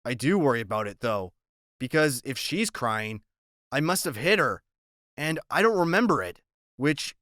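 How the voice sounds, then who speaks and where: A man's voice: fairly high pitch, fairly bright tone, dry recording, clean studio sound. A man narrating an audiobook in the first person, in a plain, conversational storytelling manner.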